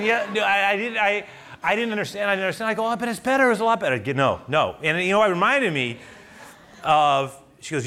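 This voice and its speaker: A bright, forceful man's voice delivers a conversational sermon. He tells stories with animated bursts, then drops low and quiet for prayer. He sounds like a middle-aged pastor. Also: fast talker. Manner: conversational, animated storytelling with bursts of loud excitement.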